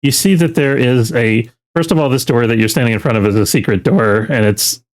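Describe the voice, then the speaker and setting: A man narrating as game master, loose and full of fillers, slipping into quick character lines. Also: medium pitch.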